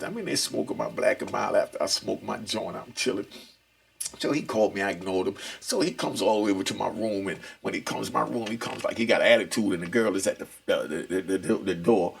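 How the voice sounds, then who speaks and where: Middle-aged man, husky storyteller, streetwise slang, relaxed delivery. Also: lowish voice. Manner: laid-back, streetwise slang, lots of asides. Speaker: storyteller recounting prison life. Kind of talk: casual storytelling.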